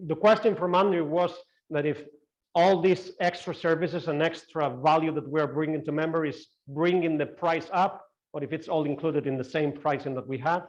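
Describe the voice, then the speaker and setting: Halting man on a dull video call. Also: a little high, fairly even intonation. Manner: halting, many restarts and fillers. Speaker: club CEO answering questions. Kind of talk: online meeting Q&A.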